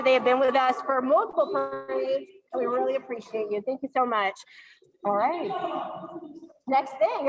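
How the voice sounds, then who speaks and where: A woman with a high, bright-sounding pitch emcees a school gathering. She thanks the guests warmly and hands over to the next speaker. Her delivery is cheerful and easygoing. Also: low-quality recording.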